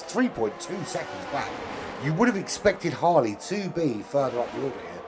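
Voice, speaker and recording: A man's voice: mid-range voice, normal speed, background noise. A man doing chatty commentary on an online sim race, with many fillers. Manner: chatty, fillers, rises to excited calls on overtakes. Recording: music bed under the voice.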